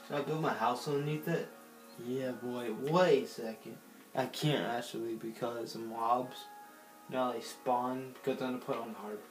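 A man's voice: medium pitch, fairly even intonation, moderate pace, faint music behind. A man giving casual gameplay commentary, rambling and giggly, talking to himself while he plays. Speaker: gaming channel host. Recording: roomy echo.

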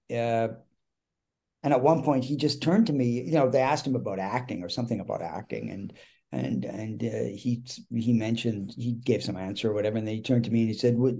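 A man hosting a casual chat, telling a lively backstage anecdote with frequent restarts and bits of acted-out dialogue. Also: medium pitch. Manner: animated storytelling with frequent restarts and quoted dialogue. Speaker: host and actor.

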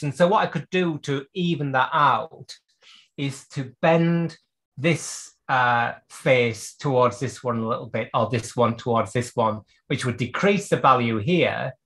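A man with a medium-pitched, slightly bright voice demonstrates clock repair over a live video call, working at a bench and talking through each step as he goes.

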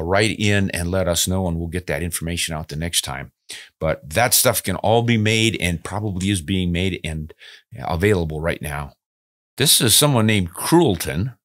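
Deep-voiced, easygoing male podcast host. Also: a bit bright. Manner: easygoing, folksy, chuckles and ad-libs while reading letters. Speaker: podcast host answering listener mail. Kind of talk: casual podcast chat.

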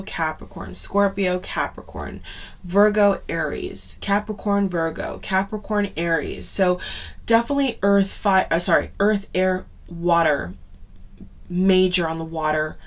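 Woman reading tarot cards on camera, kinda low voice, low-key and sighing, says okay a lot. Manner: chatty, repeats "okay?" and "you know" often, drags some words slowly; subdued, sighing tone. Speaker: tarot reader.

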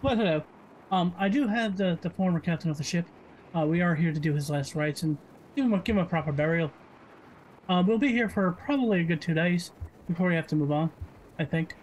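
A man's voice: fairly high pitch, a little fast, darkish tone, slight background noise, poor audio. A man chatting playfully as a player in a tabletop game. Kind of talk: casual tabletop role-play.

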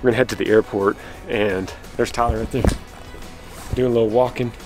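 A man's voice: medium pitch, steady tone, brisk, a little mellow, faint music behind, rough recording. A man hosting a family vlog, chatting casually and a little out of breath, often restarting his sentences. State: slightly out of breath. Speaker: vlog host and preacher.

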